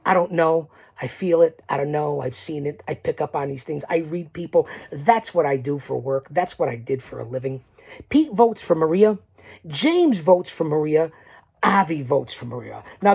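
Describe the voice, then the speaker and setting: A male podcast host giving a boastful solo recap of a tournament. He talks straight to his listeners, urging them to stay, and drops now and then to a low mutter. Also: gravelly, a little mellow, slightly rough.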